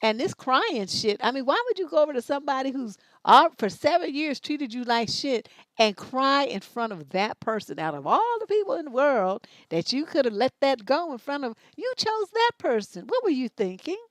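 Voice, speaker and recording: A woman's voice: sits high, big pitch swings, normal speed, no echo. Blunt, scolding woman with dry sound. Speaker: advice show host. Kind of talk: livestream advice commentary.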